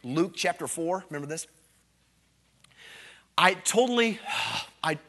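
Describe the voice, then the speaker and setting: A man preaching a revival sermon as an evangelist, earnest and self-deprecating, dropping to hushed storytelling and rising to loud emphatic bursts. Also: fairly high pitch, lively intonation, slow, long pauses.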